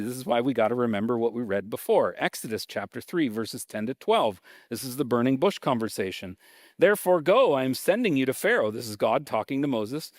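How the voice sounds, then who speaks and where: A male pastor preaching a sermon in a casual, conversational way, reading scripture aloud and then explaining it with lively reactions. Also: mid-range voice, no room sound, clean studio sound. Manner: animated and conversational, acting out reactions.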